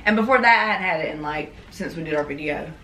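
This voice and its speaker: A woman, co-hosting a casual mukbang, easygoing and quick to laugh while she eats. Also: low voice, lively intonation, pushed and bright. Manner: easygoing, laughs often, talks while eating. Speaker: co-host. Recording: echoey room with faint noise.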